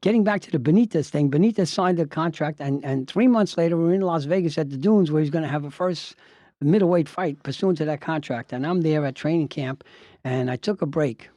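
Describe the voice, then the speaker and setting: An older man recounts old cases with a wry, lively storyteller's touch, slipping into the voices of the people he describes. His voice sits a little high but has a mellow warmth. The recording is dry and close. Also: a little fast, no echo. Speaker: retired judge and lawyer telling stories. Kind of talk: anecdotal storytelling.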